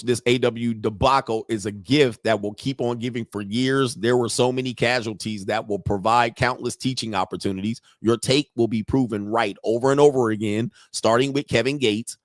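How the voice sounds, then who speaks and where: A man with a medium-pitched voice hosts a casual commentary stream, telling profane stories in an animated way and acting out the people he quotes. The recording is dry and studio quality.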